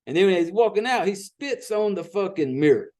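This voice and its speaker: High-voiced Southern man recapping a movie. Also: expressive, fairly quick, a little mellow. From Southern United States. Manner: profane, rambling storyteller. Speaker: podcast host.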